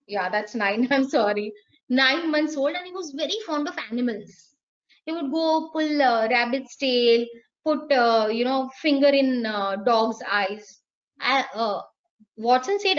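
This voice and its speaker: A woman's voice: sits high, unhurried, highs cut off. A woman giving a live online lecture to teachers, playful and acting out sounds as she explains. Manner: lively, playful, acts out sounds and voices. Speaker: teacher trainer.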